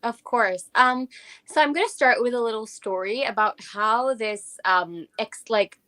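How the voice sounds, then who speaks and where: A woman's voice: on the high side, a little slow, pushed and bright. A young woman raised in Japan, speaking with an American accent, telling a personal story as an interview guest and reflecting aloud with many fillers.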